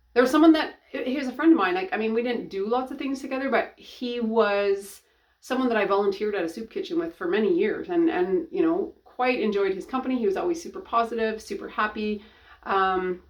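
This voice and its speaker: A middle-aged ministry founder and coach gives a personal testimony in a mid-range voice. She speaks earnestly but haltingly, often restarting her sentences.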